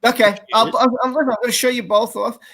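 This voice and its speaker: Man, live stream host, casual chat, excited, rambling storyteller. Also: very high-pitched, brisk.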